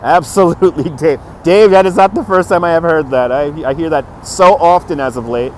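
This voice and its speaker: A man's voice: a little high, fairly quick. A man hosting a live walking stream outdoors on a city street, upbeat and chuckling as he greets viewers by name, recorded on a phone on a gimbal. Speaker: livestream host. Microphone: phone on a handheld gimbal. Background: faint city traffic.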